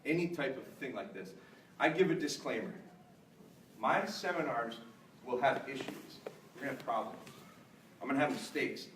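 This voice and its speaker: A man's voice: moderate pace, pauses often, slight background noise. Chatty man running a dog-training seminar. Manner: chatty, joking, jumps to high excited praise voice. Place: large store hall with audience. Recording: roomy echo, mic at a distance.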